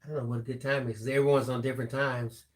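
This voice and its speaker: A man's voice: mid-range voice, little pitch movement, rapid-fire. Easygoing man reading out stream chat. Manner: easygoing, reads viewer comments aloud, turns reflective. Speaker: live-stream co-host reading viewer chat. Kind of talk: casual live-stream chat.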